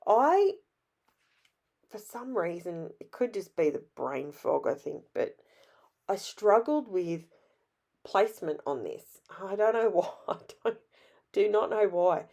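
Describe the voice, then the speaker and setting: Raspy Australian woman, slow chatty voice-over. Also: mid-range voice, lively intonation, warm tone. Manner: chatty, rambling and self-deprecating. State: hoarse from illness. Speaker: scrapbooking vlogger. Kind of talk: casual voice-over narration.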